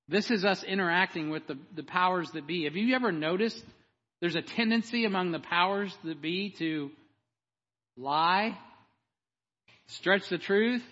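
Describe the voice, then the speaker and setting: A man preaching with a high, ringing voice and plenty of fervor. He swings between hushed storytelling and loud, driving emphasis. The sound is dull and carries a long hall echo. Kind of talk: sermon.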